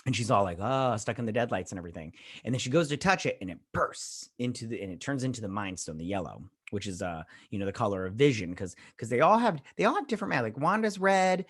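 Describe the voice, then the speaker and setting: A man's voice: mid-range voice, expressive, fast, hardly any pauses, slightly rough, dry recording, clean studio sound. A man hosting his own show, casually retelling a TV episode with lots of fillers and loose quoting. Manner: rambling, filler-heavy retelling with many "uh" and "all like". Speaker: show host.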